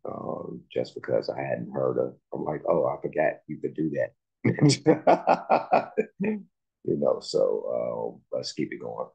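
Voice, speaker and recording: A man hosting a music reaction video, talking slowly and haltingly with many fillers and restarts. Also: very deep voice, creaky, mellow, husky, highs cut off. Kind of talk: casual reaction commentary.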